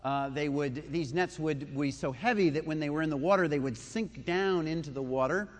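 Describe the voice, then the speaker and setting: A man's voice: on the high side, normal speed, in a large hall. A man preaching a sermon, retelling a story conversationally with asides and questions to the listeners. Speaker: pastor.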